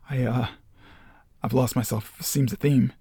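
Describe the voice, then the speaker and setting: A man's voice: mid-range voice, fairly even intonation, slow, warm tone, slightly rough, dry recording, clean studio sound. A man voicing an awkward young man in his twenties in a screenplay reading, hesitant and stammering. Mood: nervous.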